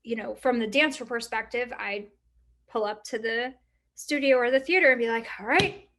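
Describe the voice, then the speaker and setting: A middle-aged woman with a fairly high voice co-hosts a casual talk. She thinks out loud in long, winding sentences, full of "like" and "you know", and breaks into animated quoted remarks. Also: normal speed, background noise. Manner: rambling and reflective, many fillers, lively quoted asides. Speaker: podcast co-host. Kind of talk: casual chat.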